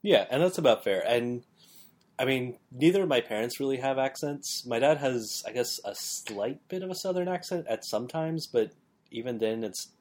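A man with a flat Midwestern American accent, rambling easily through a casual podcast conversation. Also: medium pitch, moderate pace. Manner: relaxed, rambling, lots of fillers like "like". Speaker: podcast co-host.

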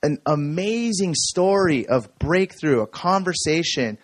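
A man telling a personal story from the stage in a relaxed, conversational way, checking in with the audience as he goes. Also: on the high side, unhurried, no room sound. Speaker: speaker. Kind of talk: conference talk.

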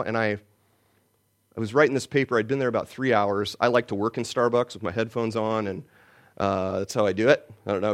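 Guy pastor preaching, tells a story, goes loud then real quiet. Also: medium pitch. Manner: animated storyteller, swings from loud to hushed. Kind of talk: sermon with personal storytelling.

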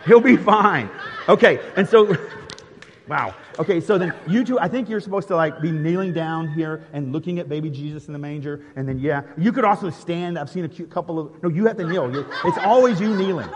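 Brisk and on the high side, the male pastor leads his congregation through a nativity skit, part of an interactive Christmas sermon. He chats playfully, laughs often and restarts many times. Slight background noise and long reverb from the large sanctuary hall color the recording.

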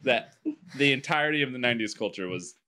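A man's voice: mid-range voice, lively intonation, quick pace, sharp tone. A man joking and teasing with crude humor in a casual podcast chat.

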